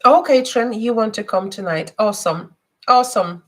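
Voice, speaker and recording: A woman hosting a live stream and giving spiritual readings, talking gently with many hesitations and repeated words. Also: fairly high pitch, moderate pace. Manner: soft and gentle, guiding breathing.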